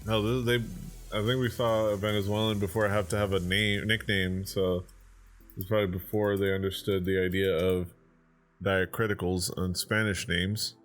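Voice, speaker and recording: A man's voice: low voice, flat delivery, moderate pace, faint music behind. A man co-hosting a casual podcast, opening baseball card packs in an easygoing way, laughing often and trailing off mid-thought. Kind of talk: casual chat.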